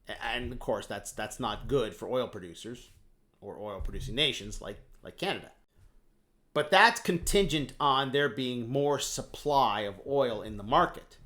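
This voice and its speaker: A man talking through market news in a casual explainer monologue. His pitch swings up and down a lot as he explains things. He is blunt and animated, and he swears now and then. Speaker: finance commentator.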